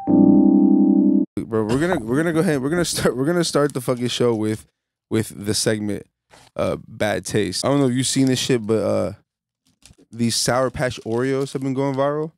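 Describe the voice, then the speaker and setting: A man's voice: mid-range voice, fairly quick, gravelly, no room sound, faint music behind. A man hosting a casual podcast, talking in a laid-back, profane, joking way. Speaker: podcast host. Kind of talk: casual chat.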